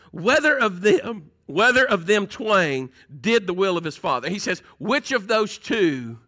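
A Southern pastor preaching in a folksy, conversational way, drawing his congregation in with questions and "Amen?". His voice sits high for a man and sounds bright and ringing. He moves between loud, lifted passages and quieter ones. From Southern United States. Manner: folksy, call-and-response preaching with laughs and "Amen?". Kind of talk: sermon.

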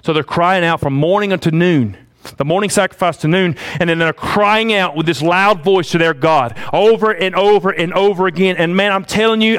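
High, fervent male preacher. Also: a bit bright, smooth. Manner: fervent, exhorting, calls for amens. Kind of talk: sermon.

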